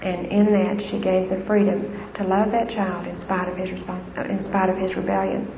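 A woman's voice: mid-range voice, little pitch movement, normal speed. Woman speaking in an echoey hall. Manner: conversational, warm-hearted, frequent fillers and restarts. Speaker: speaker on Christian parenting. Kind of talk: informal talk to a live audience. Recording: echoey hall, dull lo-fi sound with faint noise.

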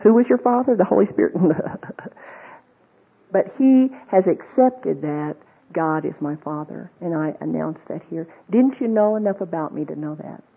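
Husky woman teaching over a tinny line. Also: lowish voice, expressive, moderate pace. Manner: conversational, asks the audience many questions; acts out quoted voices, with fillers and restarts. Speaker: Bible teacher. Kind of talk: teaching talk to a women's group. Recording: tinny, phone-like old recording.

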